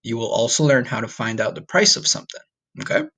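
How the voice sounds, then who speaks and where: A man teaching a recorded online Spanish lesson, patient and encouraging, saying numbers slowly for students to repeat. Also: medium pitch, expressive, fairly bright tone. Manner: patient, repeats okay and all right often.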